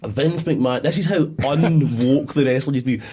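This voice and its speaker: A man's voice: mid-range voice, moderate pace, slight background noise. A man co-hosting a podcast, telling stories in rambling casual chat with frequent laughter. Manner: rambling, laughing, animated storytelling. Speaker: podcast co-host.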